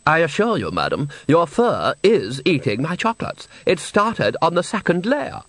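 A man's voice: fairly high pitch, huge pitch swings, normal speed, a bit bright, no room sound, pitched above the performer's own voice, heavily acted. A man reading aloud voices a prim opera patron who complains with stiff, indignant politeness.

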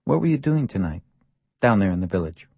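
Guy reading a breathy gentle woman cop, late 30s, low husky voice, dry. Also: sing-song, a little fast, no room sound, lo-fi sound, heavily acted. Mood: questioning. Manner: soft, breathy, caring questions. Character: soft-spoken woman police detective, late thirties.

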